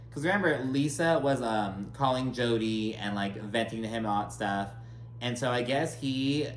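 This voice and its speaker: A man's voice: medium pitch, echoey room, a little hiss or hum. Blunt, profane man recapping reality TV. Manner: chatty and blunt, heavy filler and profanity, acts out cast members in quotes. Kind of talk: casual recap commentary.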